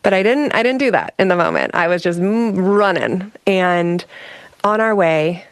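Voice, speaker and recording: A woman's voice: lowish voice, normal speed, clear, resonant tone, dry recording. A woman speaking as a guest on a conversation show, telling a personal story in a frank, reflective way with frequent restarts. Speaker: guest, emotional regulation specialist.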